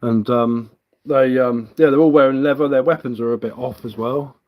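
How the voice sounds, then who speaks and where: Through narrow, tinny audio comes a steady, mid-range voice at a moderate pace. The speaker, an English bushcraft woodcarver streaming live, has a Cockney accent with touches of Sussex and chats loosely while addressing viewers' comments.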